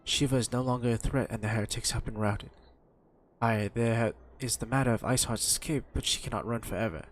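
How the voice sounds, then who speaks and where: A man's voice: mid-range voice, fairly even intonation, brisk, soft background music, lightly acted. A man reading as a stately noble knight lord. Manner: formal archaic phrasing, read aloud. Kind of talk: reading game dialogue aloud in character.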